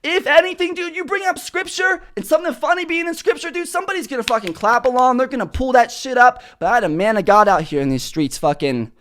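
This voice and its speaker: A man hosting a comedy podcast, telling stories in a loud, prominent voice that carries, with plenty of cursing. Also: very high voice, fast, few pauses. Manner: animated storytelling with cursing. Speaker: podcast host. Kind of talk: comedic monologue. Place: studio.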